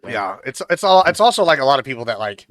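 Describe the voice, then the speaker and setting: Fast-talking, bright-voiced man swearing casually. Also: mid-range voice, big pitch swings, no room sound. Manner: crude, rambling storyteller. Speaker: show co-host. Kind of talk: casual chat.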